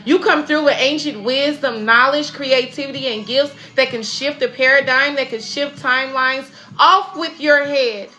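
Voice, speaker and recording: A woman's voice: high-pitched, normal speed, few pauses, pushed and bright. A woman giving an oracle card reading to her audience, emphatic and preachy, with casual slang. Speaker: spiritual reader. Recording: music playing behind.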